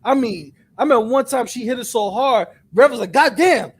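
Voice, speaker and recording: A man in casual chat, animated and profane, acting out other people's lines as he talks. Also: very high-pitched, brisk, very noisy. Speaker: co-host.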